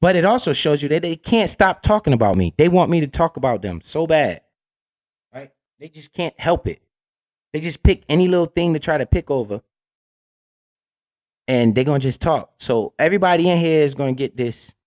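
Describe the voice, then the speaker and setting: A man's voice: on the high side, animated, normal speed, darkish tone, no room sound, highs cut off. A man hosting a casual livestream, talking bluntly with lots of swearing and keeps asking "right?". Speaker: livestream host and crypto investor.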